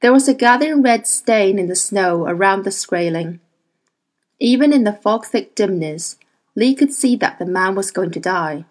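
A woman reading a novel aloud as audiobook narrator, measured and expressive. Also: medium pitch, low-quality recording. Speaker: audiobook reader. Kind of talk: scripted narration.

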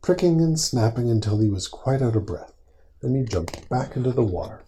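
A man reading a picture book aloud to his small child at bedtime, gentle and patient, stopping to answer questions. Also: mid-range voice, lively intonation, moderate pace, slight background noise. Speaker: father reading a bedtime story.

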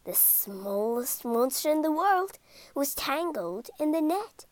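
Slow, expressive woman reading a storybook. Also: a little high, dry recording. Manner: slow, expressive read-aloud.

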